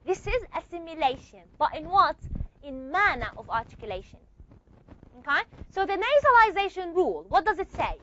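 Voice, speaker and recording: A woman teaching a phonetics lesson in class, asking questions and answering them herself, and stretching key words slowly. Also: very high-pitched, bright, forceful tone. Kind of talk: classroom lecture. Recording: dull lo-fi recording.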